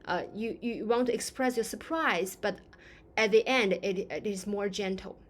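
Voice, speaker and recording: A woman's voice: mid-range voice, moderate pace. A woman teaching a lesson in English, explaining patiently with many fillers and acting out example phrases. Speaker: Chinese language teacher.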